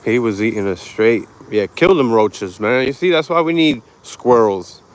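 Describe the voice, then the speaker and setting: A man's voice: mid-range voice, expressive, normal speed. A man hosting a casual walk-and-talk live stream on an outdoor park path, chatting laid-back with viewers through a handheld phone.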